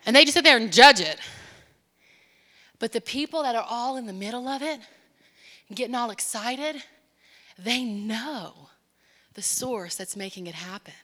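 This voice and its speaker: A woman preaching a sermon in a church, impassioned, moving between hushed, quiet passages and emphatic, building lines. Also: a little high, expressive, unhurried, long pauses, big-room sound. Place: church sanctuary.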